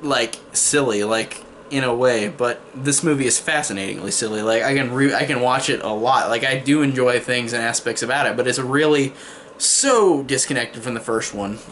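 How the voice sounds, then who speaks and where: Young man, casual movie review, rambling, filler-heavy, mid pitch, faint background noise. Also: normal speed, fairly bright tone. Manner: rambling, frequent fillers and restarts; mocking character voices when quoting.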